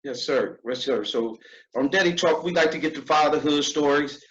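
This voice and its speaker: A man's voice: a little high, moderate pace, a bit bright, highs cut off. A man hosting an interview show, speaking in an earnest, conversational way with fillers. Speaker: host. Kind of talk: podcast interview.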